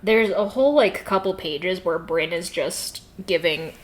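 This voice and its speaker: A woman's voice: lowish voice, expressive, measured pace, rough recording. A woman co-hosting a podcast, talking in chatty casual conversation, swearing freely and laughing often. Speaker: podcast co-host. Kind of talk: casual chat.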